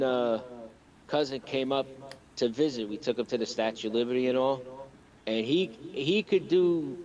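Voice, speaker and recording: A man's voice: mid-range voice, a little mellow. A man chatting on a casual stream, laughing often and chiming in with quips. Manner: laughs a lot, chimes in with quips. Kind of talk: casual watch-along banter. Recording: dull lo-fi sound.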